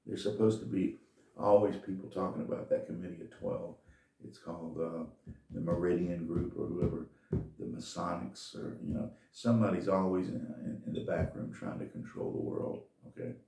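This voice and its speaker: A man's voice: deep voice, steady tone, normal speed, creaky, dark tone, reverberant, far from the mic. A man telling a folksy, rambling story in a casual monologue.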